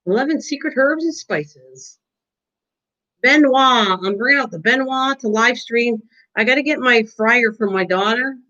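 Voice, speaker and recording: Older woman, casual streamer from her kitchen, talks to viewers and laughs a lot; a bit high-pitched, muffled stream audio. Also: a little slow, sharp tone. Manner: chatty, talks to viewers by name, laughs often. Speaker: live-stream host. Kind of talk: casual live-stream chat. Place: home kitchen.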